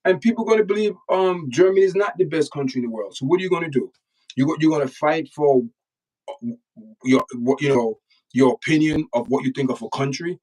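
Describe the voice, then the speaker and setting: This channel host from Jamaica talks briskly in a fairly high, somewhat mellow voice with a Jamaican accent. On his casual livestream he reacts to news and chat, lecturing viewers directly, stressing points and repeating words. The mic is distant and the audio quality poor.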